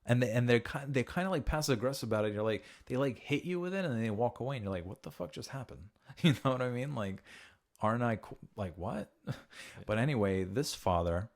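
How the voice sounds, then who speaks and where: A man's voice: mid-range voice, animated, brisk. A man hosting a podcast, chatting casually and profanely, acting out quoted voices as he talks. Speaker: podcast host.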